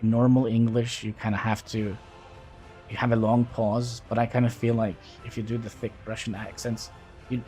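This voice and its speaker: A man commentates on his own game in a relaxed, halting way, correcting himself as he goes. His voice sits fairly low. Faint game music plays behind him. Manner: thinking aloud, hesitant, self-correcting. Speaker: livestreamer playing a city-building game. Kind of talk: casual gameplay commentary.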